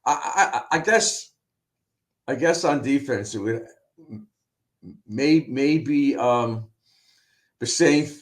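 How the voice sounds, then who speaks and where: A man's voice: mid-range voice, slow, pauses often. A man giving blunt, opinionated takes in a casual sports chat. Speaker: podcast co-host, analyst.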